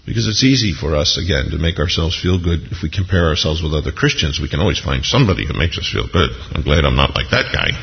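A man's voice: extremely low pitch, lively intonation, quick pace, gravelly, hardly any pauses. A man preaching a sermon in a conversational way, with frequent casual asides to the congregation. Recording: echoey hall, dull lo-fi sound.

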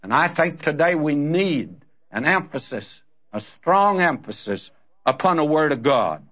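A man's voice: on the high side, sing-song, measured pace, a bit bright. A man preaching a sermon in an earnest, direct way, often calling his listeners friend and brother. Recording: dull lo-fi recording.

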